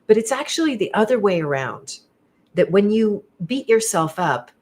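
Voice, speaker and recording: A woman hosting a livestream conversation, explaining ideas in a thoughtful, measured way. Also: medium pitch, big pitch swings, darkish tone. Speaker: host. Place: indoor studio.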